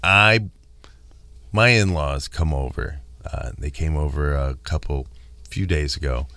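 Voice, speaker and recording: A man's voice: extremely low pitch, unhurried, bright, forceful tone, no echo. A middle-aged married man telling profane stories in casual banter, acting out his wife's lines. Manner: profane storyteller, acts out quotes. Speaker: podcast co-host.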